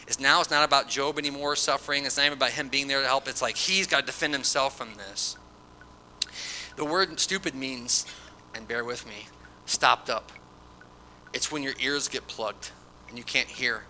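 Male preacher, very bright and sharp voice, casual and emphatic, reads verses aloud. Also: mid-range voice, a little hiss or hum, rough recording. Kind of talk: sermon with scripture reading.

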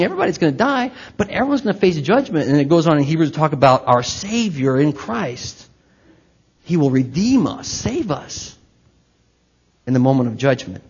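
In an echoey church hall with a slightly dull sound, a pastor preaches a sermon to his congregation. His high-pitched, slightly rough voice stays conversational, with asides and questions put directly to the listeners.

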